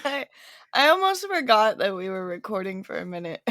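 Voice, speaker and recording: A woman's voice: mid-range voice, big pitch swings, brisk, pushed and bright, no room sound, studio quality. A woman hosting a podcast in casual chat, talking loosely, laughing often and swearing freely. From California. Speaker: podcast host.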